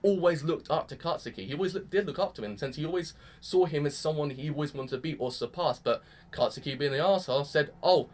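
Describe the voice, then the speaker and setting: An excitable young man rattles off his thoughts on an anime episode in quick bursts. His voice sits a little high for a man, and he gushes with casual mild swearing throughout. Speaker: anime reviewer. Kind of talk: casual reaction commentary.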